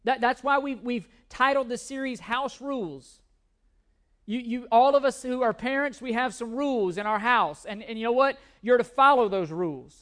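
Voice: mid-range voice, fairly bright tone. A pastor preaching a sermon in an emphatic way, repeating key words for stress, with self-deprecating humor.

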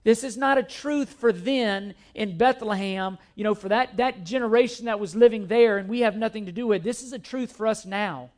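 Man, very high voice, pastor, emphatic sermon, repeats key phrases. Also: moderate pace, few pauses, a little mellow. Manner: repetitive, emphatic preaching with scripture quotes.

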